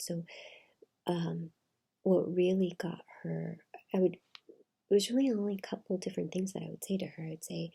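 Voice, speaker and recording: A middle-aged woman retelling a personal story in a soft, half-whispered way, with many fillers. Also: lowish voice, steady tone, moderate pace, vocal fry, slightly rough. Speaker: channel host.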